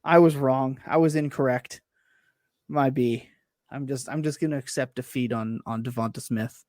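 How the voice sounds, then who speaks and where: A man's voice: medium pitch, steady tone, moderate pace, a little mellow, dry recording, clean studio sound. A man co-hosting a casual sports podcast, rambling and correcting himself with enthusiasm. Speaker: podcast co-host.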